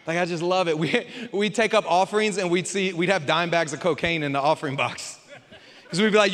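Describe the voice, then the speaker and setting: A man's voice: high-pitched, expressive, fairly quick, a bit bright, big-room sound. A man preaching a casual, joking sermon as pastor and calling on the crowd for amens. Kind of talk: lively sermon.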